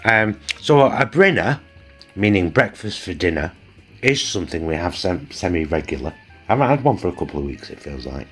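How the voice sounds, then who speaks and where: A man's voice: low voice, sing-song, normal speed, fairly bright tone, breathy edge, soft background music. A man hosting a casual food vlog, chatty, teasing and affectionate as he shows dinner. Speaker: vlog host.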